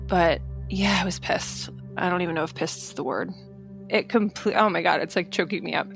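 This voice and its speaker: Animated woman recounting a story. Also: fairly low pitch, brisk, gravelly. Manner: animated storyteller acting out dialogue. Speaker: interviewee, sister. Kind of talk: personal testimony. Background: faint background music.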